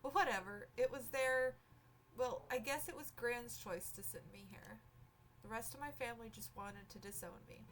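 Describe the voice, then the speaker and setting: A woman's voice: fairly high pitch, moderate pace, fairly bright tone, a little hiss or hum, lightly acted, poor audio. A woman reading a rebellious young witch heroine in a sarcastic, defiant tone.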